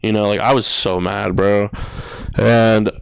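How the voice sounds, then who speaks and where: A man's voice: fairly low pitch, fairly even intonation, unhurried, gravelly, clean tone, no room sound. A young man in his twenties, a podcast guest, telling a personal story in casual slang, full of "bro" and "dude" and swearing. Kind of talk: emotional storytelling. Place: podcast studio.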